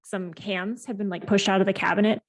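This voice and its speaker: A woman's voice: mid-range voice, fairly even intonation, brisk. A woman game master narrating a tabletop game in meandering descriptions full of fillers.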